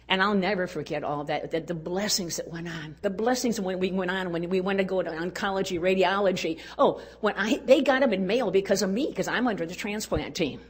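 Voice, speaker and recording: An older woman speaking at a women's conference, telling a personal story in an earnest way and dropping to a hush at tender moments. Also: on the low side, fairly quick, breathy edge. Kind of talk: storytelling talk.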